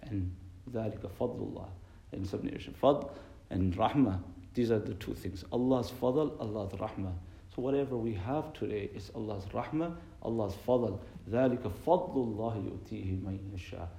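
A man preaches in a low, gravelly voice, earnest and repetitive, and he folds Arabic and Urdu words into his English. His tone is dark and mellow, and the sound bounces around an echoey room. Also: rapid-fire. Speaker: imam giving a religious talk. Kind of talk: sermon.

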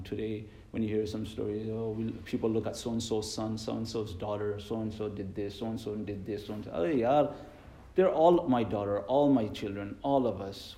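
A man preaches in a low, gravelly voice, earnest and repetitive, and he folds Arabic and Urdu words into his English. His tone is dark and mellow, and the sound bounces around an echoey room. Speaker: imam giving a religious talk. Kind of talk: sermon.

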